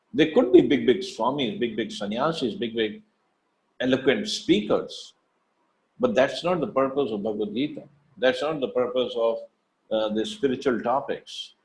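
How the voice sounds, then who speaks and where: A man teaching a devotional scripture class in an earnest, emphatic way. He circles back on his phrases, restarting and repeating words to press his points. His voice sits at an ordinary middle pitch. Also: poor audio. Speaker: teacher giving a Bhagavad Gita class.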